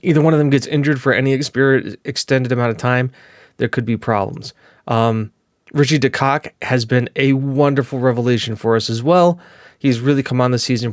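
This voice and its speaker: A young male gaming video host gives casual gameplay commentary as if catching up with regular viewers, rambling between thoughts with fillers and correcting his slips along the way. His pitch is mid-range for a man. The recording is close and dry, with no room sound or echo.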